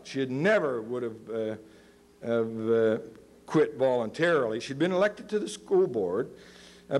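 A man of about fifty giving a lecture in a university auditorium, telling stories animatedly and acting out the voices in them. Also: mid-range voice. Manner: animated, acts out quoted voices. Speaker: guest lecturer. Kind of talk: storytelling lecture.

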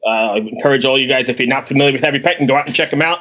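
A man's voice: mid-range voice, rapid-fire, bright, forceful tone, dull audio. A man hosting a podcast, easygoing and laughing as he wraps up an interview. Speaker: podcast host. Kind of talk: casual podcast chat.

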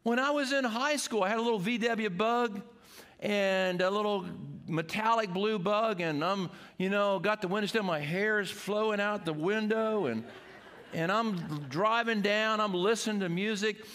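A man's voice: high voice, moderate pace, fairly bright tone. An older man, a pastor, preaching an earnest sermon to his congregation.

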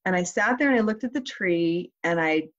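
Mother guest telling a heartfelt story with halting pauses; slightly dull, muffled clip. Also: lowish voice, animated. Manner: heartfelt, hesitant, with pauses and restarts. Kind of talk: personal storytelling.

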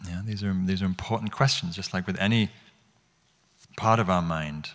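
A man's voice: sits low, moderate pace. A man teaching meditation to an audience in a hall, speaking reflectively and asking them questions, often restarting his phrases. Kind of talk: dharma talk.

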